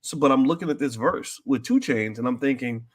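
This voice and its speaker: A man hosts a commentary show, giving an opinionated take to an online audience in a brisk, blunt, direct way. He restarts often and breaks into loud, high-pitched outbursts when he gets worked up.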